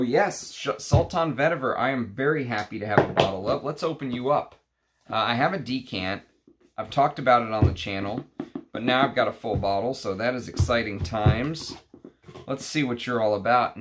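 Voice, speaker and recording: Slow-talking Texan man unboxing perfume. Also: medium pitch, fairly bright tone, a little hiss or hum. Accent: Texas. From Texas. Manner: slow, rambling, talks to the bottles. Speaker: perfume channel host. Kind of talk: casual unboxing vlog.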